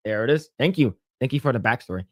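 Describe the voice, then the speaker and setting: A man's voice: mid-range voice, expressive, quick pace, no room sound, studio quality. A man co-hosting a casual podcast, reading comments aloud, joking and stumbling over restarts. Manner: jokey, lots of stammered restarts, breaks into mock voices. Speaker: podcast co-host.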